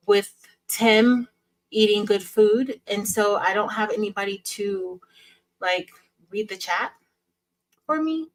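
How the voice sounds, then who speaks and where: A woman's voice: medium pitch, low-quality recording. A woman hosting a casual craft livestream, greeting viewers by name in an upbeat, chatty way.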